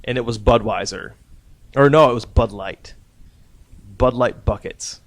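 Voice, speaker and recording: A man's voice: mid-range voice, a little slow. A man hosting a casual podcast, telling a rambling, profane anecdote and laughing at his own story. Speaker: podcast host.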